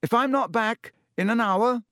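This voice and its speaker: A young boy wizard calls out in a high, strained voice, brave but scared underneath, as a man narrating a storybook puts him on. The voice sits well above a grown man's and carries an urgent push. It is recorded close and dry. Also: unhurried, a bit bright, dry recording. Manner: urgent, calling out.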